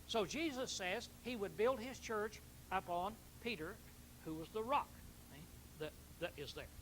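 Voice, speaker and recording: A man's voice: sits high, measured pace, a bit bright, a little hiss or hum, low-quality recording. A man preaching a Bible teaching sermon, emphatic, repeating key words and questioning his listeners.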